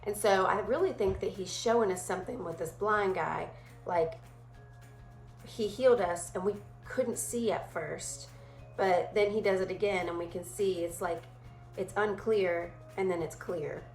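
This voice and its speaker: A woman leads a casual Bible study in a chatty, animated way, sometimes dropping into quick playful voices. Her voice sits at a middle pitch for a woman. The room around her is echoey, with soft music playing faintly behind.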